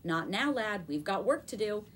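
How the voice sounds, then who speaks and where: Woman playing a gruff, bossy workman. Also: medium pitch, animated, normal speed, fairly bright tone, a little hiss or hum, lightly acted. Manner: brusque, commanding. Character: gruff working man ordering a boy about.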